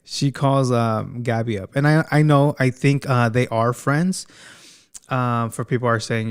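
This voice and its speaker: A man's voice: medium pitch, steady tone, a little slow, smooth. A man hosting a gossip commentary channel, talking casually with slang and playful teasing.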